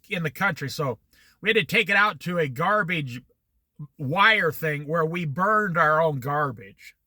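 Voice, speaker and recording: Animated man telling a Bible study story. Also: fairly high pitch, no echo. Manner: animated storytelling, laughs often. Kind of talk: anecdotal Bible study talk.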